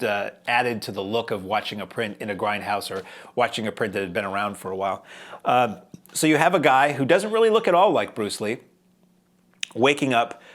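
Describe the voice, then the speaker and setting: A man hosting a film review show, talking casually in a chatty, wry, rambling way with lots of fillers. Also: medium pitch.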